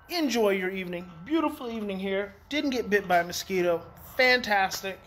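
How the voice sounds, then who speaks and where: Emphatic, high-voiced man giving parenting talk. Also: lively intonation, fairly quick, hardly any pauses, a bit bright, slight background noise. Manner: emphatic, repeats key phrases, swings in pitch. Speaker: parenting educator. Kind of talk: casual daily talk to viewers. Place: outdoors in the evening.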